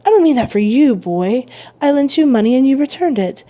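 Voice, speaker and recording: A woman's voice: high-pitched, lively intonation, fairly quick, dark tone, pitched above the performer's own voice. A woman voicing a sly, grudging young male tailor who needles his neighbor in a storybook reading.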